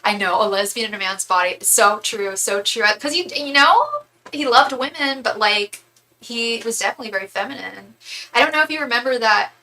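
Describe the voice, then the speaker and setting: Bright-voiced young woman chatting on a livestream. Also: fairly high pitch, brisk, low-quality recording. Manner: chatty and gushing, many fillers and restarts. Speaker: tarot reader and psychic livestream host. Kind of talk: casual livestream chat reading comments.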